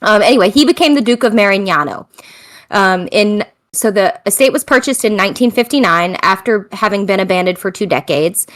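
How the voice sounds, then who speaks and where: A woman's voice: mid-range voice, a little fast. A woman co-hosting a podcast in casual chat, reading from her research notes, full of ums, stumbling over foreign names and apologizing for it. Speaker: podcast co-host.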